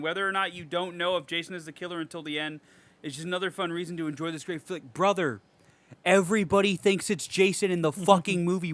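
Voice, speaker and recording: A man co-hosting a horror podcast, reading reviews aloud with animated, sarcastic commentary and frequent swearing. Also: high voice. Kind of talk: casual podcast chat.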